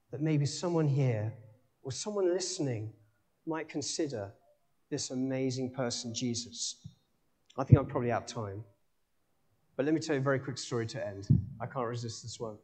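A man preaching a sermon, emphatic, with dramatic pauses and rising exclamations. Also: medium pitch, darkish tone. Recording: long hall reverb.

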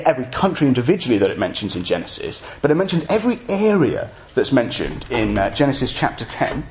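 A man's voice: fairly high pitch, slight background noise. A man preaching an evening sermon, explaining scripture with jokey asides to his congregation.

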